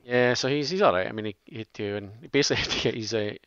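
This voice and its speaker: A man's voice: medium pitch, racing, fairly bright tone, clean tone, dry recording. A Scottish man co-hosting a casual podcast, rambling through stories and laughing easily. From Scotland. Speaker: podcast co-host. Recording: dull lo-fi sound.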